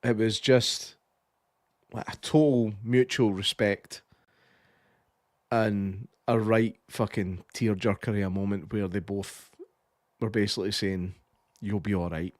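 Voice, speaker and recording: A Scottish man with a lowish voice co-hosts a casual film podcast. He swears freely and acts out the lines he loves, in a dry, close recording with no room sound. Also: slow, pauses often, no room sound. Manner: animated, sweary storytelling with quoted lines. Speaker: podcast co-host. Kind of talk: casual film review chat.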